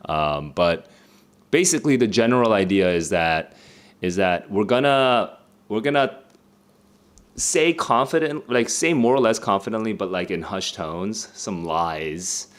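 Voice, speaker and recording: A young man streaming a live read-along of a play, thinking aloud with many fillers and restarts. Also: low voice.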